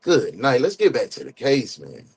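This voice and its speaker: Slangy aave dude reacting to a crime clip, loud and lively, voice jumps around a lot. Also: male voice, medium pitch, normal speed, gravelly, slightly rough. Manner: animated, slangy, talks back at the clip. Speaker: true crime reaction host. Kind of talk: casual reaction commentary.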